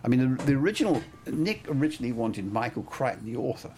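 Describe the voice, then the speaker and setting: A man's voice: medium pitch, big pitch swings, fast, darkish tone, a little hiss or hum. An older man, a cinematographer, telling stories in a casual interview, rambling with plenty of "I mean" and "you know".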